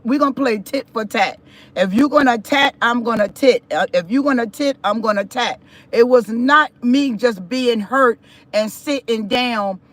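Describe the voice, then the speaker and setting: A middle-aged woman hosting a live stream, telling a personal story in a casual, animated way and breaking into preachy asides. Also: fairly high pitch.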